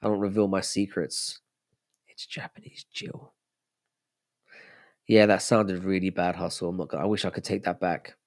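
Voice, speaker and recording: A man's voice: sits low, steady tone, brisk, gravelly, few pauses. A young man hosting a casual live stream, chatting loosely and answering viewers' messages as he reads them out. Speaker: livestream host.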